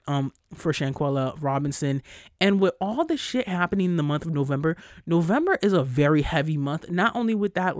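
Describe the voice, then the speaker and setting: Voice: mid-range voice, no room sound, studio quality. Angry profane podcast rant. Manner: heated, profane, fast-cutting rant; frequent cursing and "like" fillers. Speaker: podcast host.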